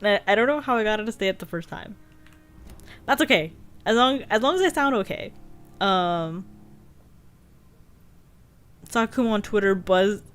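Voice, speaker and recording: Woman streamer, chatty and giggly, casual rambling talk, desk mic with pop filter. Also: on the high side. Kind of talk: casual live-stream chat over gameplay.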